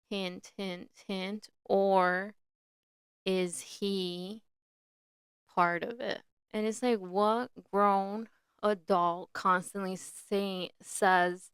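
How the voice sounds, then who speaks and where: A woman's voice: mid-range voice, clean tone, dry recording. A woman hosting a podcast, chatting casually and speculating, with frequent "like" fillers. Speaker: podcast host. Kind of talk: casual solo commentary.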